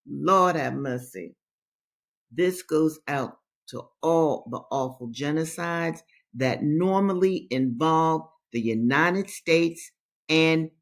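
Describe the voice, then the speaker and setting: A woman reading aloud and commenting to her audience at an unhurried, deliberate pace. She presses her points by repeating key phrases and talks straight to her listeners as brothers and sisters. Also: low voice. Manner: emphatic, repeats phrases for stress.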